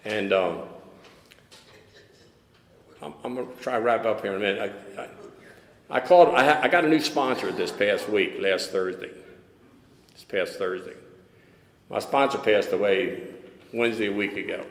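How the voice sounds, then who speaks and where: A man's voice: on the low side, normal speed, pauses often, a little hiss or hum. An older man with a Texan accent giving a plainspoken, wryly humorous share at a recovery meeting. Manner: plainspoken storytelling with wry humor. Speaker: AA speaker. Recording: echoey hall with long reverb.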